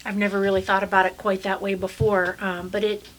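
A woman pastor talking through a scripture story in a relaxed discussion, thoughtful and unhurried, with frequent fillers. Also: mid-range voice, a little hiss or hum, poor audio. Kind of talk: casual faith discussion.

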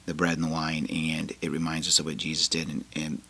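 A man in church leadership sharing his views in a casual discussion, earnest and quick, peppering his speech with "you know". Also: a bass voice, monotone, gravelly, bright, forceful tone, breathy edge.

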